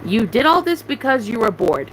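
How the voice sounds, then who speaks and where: A young woman YouTuber vents on a live stream, confrontational and swearing heavily while repeating her demands directly into the mic. At normal speed, her high, sharp-edged voice turns sing-song, pitch swinging widely as the anger ebbs and flows. The rough recording has a faint hiss underneath.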